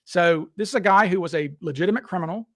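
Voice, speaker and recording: A man's voice: sits high, fast, dry recording, clean studio sound. A man hosting a casual live stream, rambling and restarting his sentences as he talks to viewers in chat. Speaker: livestream host.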